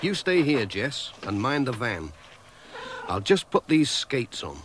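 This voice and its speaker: A man's voice: mid-range voice, big pitch swings, a little slow, a bit bright, a little hiss or hum. A man voicing a friendly, good-natured village postman in a children's cartoon. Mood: determined. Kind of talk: children's animation voice acting.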